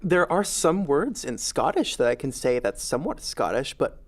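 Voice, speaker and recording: A man's voice: medium pitch, very animated, moderate pace. Young man arguing mock-dramatically. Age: young adult. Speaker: debater. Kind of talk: comic argument.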